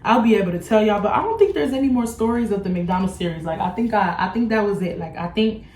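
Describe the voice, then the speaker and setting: A young woman in her twenties telling a casual storytime vlog, blunt, profane and animated. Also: medium pitch, fast talker, slight background noise. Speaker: beauty vlogger. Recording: echoey room.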